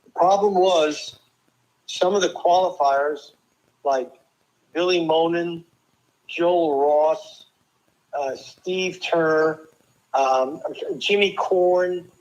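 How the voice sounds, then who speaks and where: Older jersey guy spinning tennis stories, slightly high voice, lots of restarts. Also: muffled recording. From New Jersey. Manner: lively anecdotal storyteller, quick asides and restarts. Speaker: guest, former tennis player. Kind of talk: casual storytelling interview.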